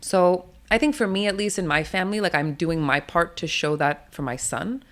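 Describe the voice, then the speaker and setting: A doula appears as an interview guest, her voice on the low side and her pace moderate. She's blunt and outspoken, swears casually, and laughs often between points in an animated way.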